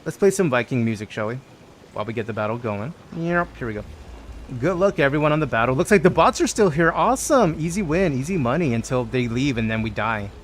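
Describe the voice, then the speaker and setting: Joking game streamer, rambling chat. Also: male voice, mid-range voice, animated, slight background noise. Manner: playful, joking, rambling with quick tangents. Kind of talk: casual live-stream chat while gaming.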